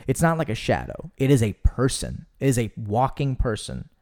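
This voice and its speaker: A young man telling stories in a casual podcast chat, talking in a rambling, animated way with lots of fillers. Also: mid-range voice, normal speed. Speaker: podcast guest.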